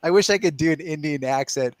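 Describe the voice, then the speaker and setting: A man's voice: on the high side, fast talker, no room sound. Man explaining at length, dry sound. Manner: explains step by step, reasoning aloud. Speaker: podcast host. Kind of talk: casual live Q&A chat.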